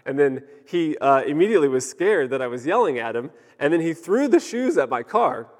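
A man in his thirties preaching a sermon as pastor, in a conversational storytelling manner that grows lively when he acts out a story. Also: on the high side, a little fast, big-room sound.

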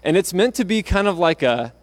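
A man's voice: high voice, big pitch swings, brisk. A man preaching a sermon in a conversational way, often restarting phrases and acting out quotes from the text. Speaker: pastor.

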